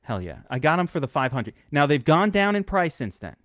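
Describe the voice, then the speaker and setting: Brief: opinionated male podcast co-host with a lively, swinging pitch and a dry, close sound that swears a lot. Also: a little fast, dry recording. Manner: opinionated, animated, swears freely, stammers on restarts. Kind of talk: casual fantasy sports chat.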